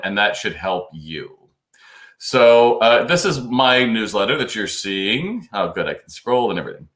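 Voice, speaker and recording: A man's voice: on the low side, a bit bright, reverberant. Chatty male retail advice host. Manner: chatty and advisory, reads out viewer comments. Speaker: host of a live retail Q&A stream. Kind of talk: casual live-stream talk, answering viewer questions. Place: home studio, New York.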